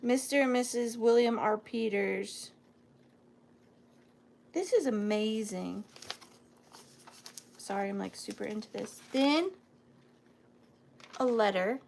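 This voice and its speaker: A woman's voice: on the high side, slow pace, vocal fry, long pauses, a little mellow, slight background noise. A woman reselling antiques, hosting a live sale and reading old letters aloud, emotional and close to tears, marvelling and apologizing as she goes. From US South. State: near tears.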